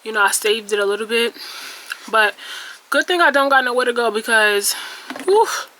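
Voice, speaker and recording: A woman's voice: fairly high pitch, lively intonation, normal speed, bright, forceful tone, rough recording. Candid venting woman vlogger. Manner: candid, venting, self-mocking, exclamatory. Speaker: beauty vlogger. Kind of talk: casual chat while doing makeup. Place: indoors at home, near a ring light.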